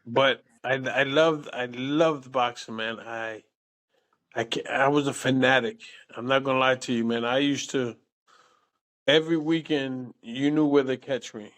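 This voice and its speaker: Older male guest, animated, salty storyteller, mid-range voice. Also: medium pitch, unhurried. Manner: animated, salty, repeats words and says "man" often. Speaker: interview guest. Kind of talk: casual storytelling.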